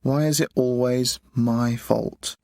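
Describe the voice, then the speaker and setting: Woman doing a sulky, gravelly teenage boy. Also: rumbling low, fairly even intonation, slow, darkish tone, dry recording, clean studio sound, voice pushed down, full character voice. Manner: sarcastic, sullen. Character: sulky sarcastic sixteen-year-old English boy.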